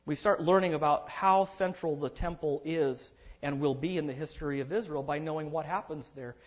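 A man with a high, husky voice preaching an expository sermon. His pitch leaps and swoops as he stresses key words, and the recording sounds dull and lo-fi. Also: brisk. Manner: emphatic and animated, drawing out key words.

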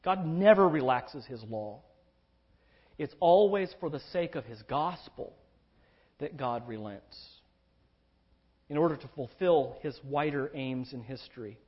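A man preaching an expository sermon, emphatic and animated, drawing out key words for stress. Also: medium pitch, unhurried, pauses often, slightly rough. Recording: dull lo-fi recording.

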